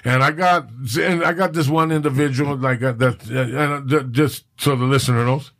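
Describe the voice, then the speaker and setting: A man's voice: mid-range voice, steady tone, normal speed, vocal fry, a bit bright. A middle-aged man from Southern California, a podcast guest, talking candidly in emphatic, profane, rambling street talk. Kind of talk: candid personal conversation.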